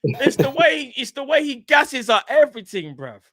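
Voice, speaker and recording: Animated man with a high voice. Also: moderate pace. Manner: animated banter, London slang. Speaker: live stream co-host. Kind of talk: casual live stream chat.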